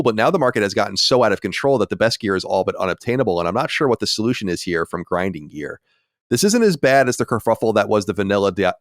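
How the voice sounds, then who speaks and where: A man hosting a podcast in casual chat, animated and swearing, with many restarts. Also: low voice, no room sound, studio quality. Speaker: podcast host.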